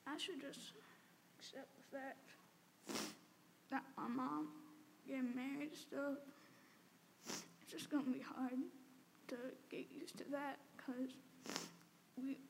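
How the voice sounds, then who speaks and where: A teenage girl giving an emotional personal testimony, halting and tearful, with many "like"s and "um"s. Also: sits high, little pitch movement, creaky. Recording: long reverb, faint background noise.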